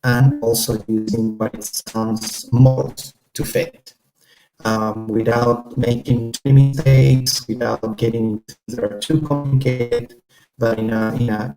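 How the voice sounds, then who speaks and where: A man's voice: medium pitch, fairly even intonation, a little slow, loud music behind the voice, low-quality recording. Hesitant man presenting an online workshop. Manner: hesitant, many fillers.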